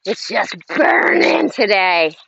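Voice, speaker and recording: Leading affirmations in a chant-like way, a woman hosts an emphatic motivational talk. Her voice is on the high side, very animated, and creaky, and she takes it slowly. The recording is slightly dull lo-fi with faint noise.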